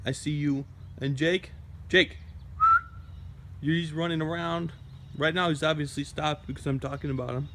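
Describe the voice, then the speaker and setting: A man's voice: on the high side, steady tone, moderate pace, long pauses, very noisy. A man vlogging outdoors on a sunny day, chatting in a rambling way and calling out to his dogs, recorded on a phone camera. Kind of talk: casual vlog chat. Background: birds chirping.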